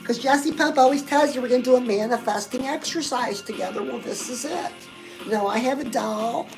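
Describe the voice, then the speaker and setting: This low-quality clip features a woman on the high side of the pitch range, talking fairly quickly in a natural voice over loud music. She's in character as a chirpy, pushy lifestyle guru, gushing to the viewer in a comic monologue and constantly saying "girl."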